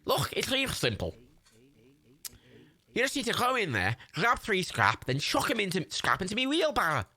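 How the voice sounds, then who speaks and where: Man putting on a shouty Scouse schemer. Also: sits high, huge pitch swings, normal speed, voice pushed up, exaggerated voice. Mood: coaxing. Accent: put-on Liverpool. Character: scheming Scouse male scrap scavenger.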